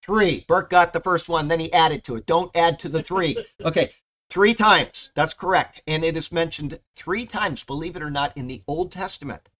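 A man's voice: a little high, normal speed, a bit bright. A male pastor teaching a Bible study verse by verse, emphatic, stressing key points and checking in with the class. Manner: emphatic, repeats "okay?" to the class, rises sharply on key points.

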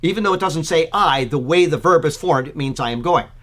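Getting more and more excited, a male pastor talks through the Bible in a loose, informal commentary full of fillers. His voice is fairly high and his pace fairly quick.

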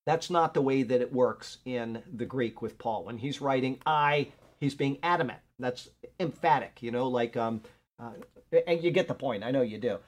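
A man's voice: mid-range voice, normal speed. An older man teaching a Bible class in an earnest, conversational way, often checking in with his listeners. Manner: conversational, earnest, frequent "okay?" check-ins.

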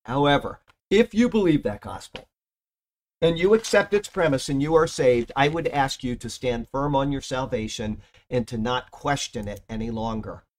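A man delivering a sermon, moving from earnest teaching with strong emphasis into relaxed, chatty asides. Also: mid-range voice, normal speed. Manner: earnest, lively emphasis, drifts into casual asides. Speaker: preacher.

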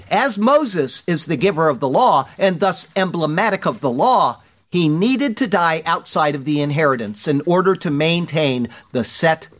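A Bible teacher reading a scripted verse-by-verse commentary, with emphatic pauses and Hebrew read aloud. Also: medium pitch, fairly bright tone.

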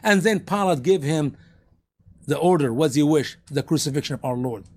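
Animated male preacher with a lively, high voice. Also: normal speed. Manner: animated storytelling, acts out scenes, rhetorical questions. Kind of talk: sermon.

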